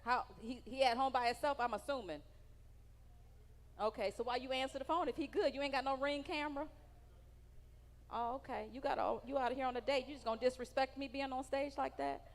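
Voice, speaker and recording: A woman's voice: high-pitched, steady tone, fairly quick. A woman doing a stand-up comedy set on stage, brash and profane, teasing people in the audience. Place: comedy stage in a large hall. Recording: live venue with long hall reverb.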